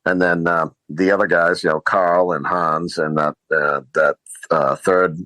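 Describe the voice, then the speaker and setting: Low voiced podcast guy, lots of uhs, walking through a movie scene, dry. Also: little pitch movement, measured pace, sharp tone, no echo, rough recording. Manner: retelling scenes, hesitant with fillers. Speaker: podcast co-host. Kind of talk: casual movie chat.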